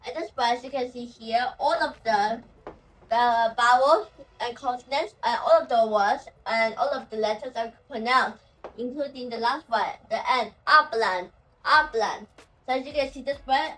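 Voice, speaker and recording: Woman going over pronunciation, says each word a bunch of times, sounds far from the mic. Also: on the high side. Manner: slow and repetitive, saying example words over and over. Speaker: language teacher. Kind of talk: explaining pronunciation.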